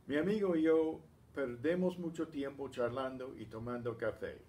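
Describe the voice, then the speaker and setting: A man teaching a class, speaking slowly and patiently and clearing his throat often. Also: mid-range voice, warm tone, slight background noise. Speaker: Spanish teacher. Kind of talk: class lesson.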